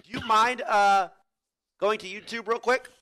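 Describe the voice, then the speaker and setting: A man's voice: high voice, steady tone, measured pace, pushed and bright, smooth. A young man streaming a game, brash, boastful and swearing. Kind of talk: casual gaming banter.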